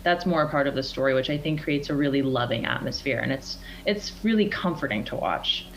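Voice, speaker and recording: Young woman with a low voice, earnest guest. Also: expressive, a little fast, slight background noise, poor audio. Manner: thoughtful, earnest, laughs easily. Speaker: actress guest. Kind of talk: interview conversation.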